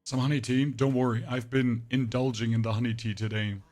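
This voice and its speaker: While playing live, a man chats and rambles to his viewers in a brisk, darkish voice with little pitch movement. He speaks deeper than usual, with little emphasis, and sounds hoarse and off.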